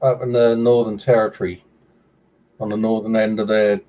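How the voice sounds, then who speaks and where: A man's voice: fairly low pitch, flat delivery, moderate pace, distant mic, dull audio. A man in a casual chat, telling tall stories with dry humor. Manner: dry joke-telling storyteller.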